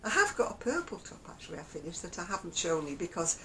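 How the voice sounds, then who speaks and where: Woman, Lancashire accent, rambling casual vlogger with a lively rising-and-falling delivery. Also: lowish voice, quick pace, slight background noise, low-quality recording. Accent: Northern English, Lancashire. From Oldham, England. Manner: chatty and rambling, chuckles often. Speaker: crochet vlogger. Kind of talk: casual chat to camera.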